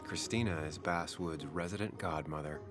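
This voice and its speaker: Guy doing a weary sarcastic journalist, super low voice, game music going. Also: moderate pace, close to an everyday voice. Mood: dry. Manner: dry, sardonic. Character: weary, sardonic male journalist back in his hometown. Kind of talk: video game dialogue.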